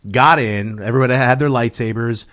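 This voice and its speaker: A man co-hosting a movie talk show in casual chat, animated and jokey, often slipping into mock voices. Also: medium pitch, fairly quick.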